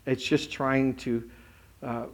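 A man, a pastor, preaching a Christmas sermon and retelling stories with animated quoted voices. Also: medium pitch, takes it slowly. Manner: animated storytelling, acting out quotes.

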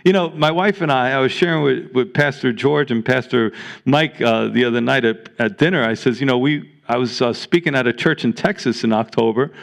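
A man's voice: medium pitch, a little fast, vocal fry. A man with a New York accent preaching a sermon as a pastor, talking in a conversational way, often restarting and repeating words.

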